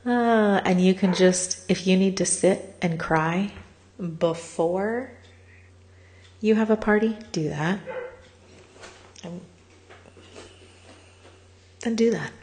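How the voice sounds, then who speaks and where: A woman's voice: medium pitch, slow pace, long pauses, a little mellow. A middle-aged woman telling a personal story in a raw confessional monologue, candid and swearing freely, worn out from crying, at times dropping to a whisper. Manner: candid, swears freely, laughs through pain. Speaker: vlogger sharing a personal story.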